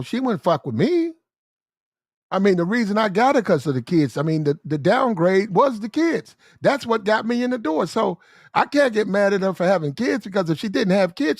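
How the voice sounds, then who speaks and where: High-voiced man telling a story. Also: no echo, clean studio sound. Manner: animated, acts out the characters in the story, clears throat often. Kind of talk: casual storytelling.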